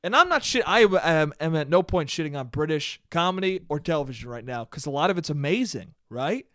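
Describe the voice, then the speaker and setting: A man's voice: fairly high pitch, expressive, brisk, a bit bright, no room sound, clean studio sound. An American man hosting a solo podcast, ranting in a sarcastic, profane, exasperated way. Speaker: podcast host. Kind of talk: solo comedic rant.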